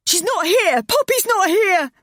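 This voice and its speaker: Woman doing a hysterical young mum, shrieking pitch, close dry read. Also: animated, unhurried, a bit bright, no room sound, heavily acted. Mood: panicked screaming. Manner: shrieking, sobbing. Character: frantic young mother, terrified, screaming.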